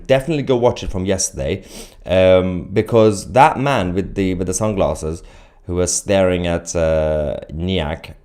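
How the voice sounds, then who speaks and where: A man's voice: sits low, a little mellow. A man hosting a live stream, chatting casually and reading out viewer comments, with many fillers and restarts.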